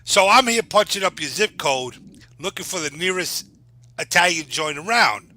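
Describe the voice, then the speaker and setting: A man, joining a live stream as a guest and telling a story in an animated, jokey way. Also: high voice, moderate pace. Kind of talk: casual live-stream chat.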